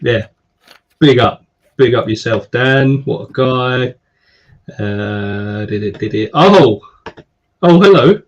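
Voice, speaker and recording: A man hosting a casual live stream, chatting and giving viewers shout-outs. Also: mid-range voice, slow pace, long pauses. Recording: slightly dull stream audio.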